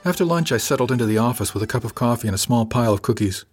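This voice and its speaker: A man narrating a story in the first person, in a calm, dryly witty manner. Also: medium pitch, rapid-fire, slightly rough, soft background music. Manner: calm, dry wit. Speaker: audiobook narrator.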